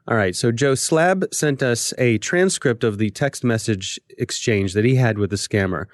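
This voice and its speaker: A man's voice: mid-range voice, moderate pace, hardly any pauses, no room sound. A man co-hosting a podcast in casual chat, easygoing and prone to repeating words as he starts. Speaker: podcast co-host.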